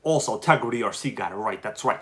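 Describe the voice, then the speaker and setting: A man hosting a casual live stream and chatting with his audience, animated and quick to flare up with irritation. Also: lowish voice. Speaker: livestream host.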